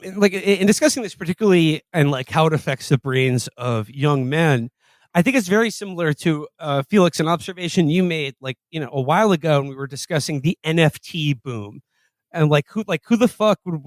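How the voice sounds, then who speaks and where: A man from New York City co-hosts a podcast in a fairly high voice, animated and casually profane. The sound is close and dry. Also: fairly quick, no room sound. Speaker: podcast co-host.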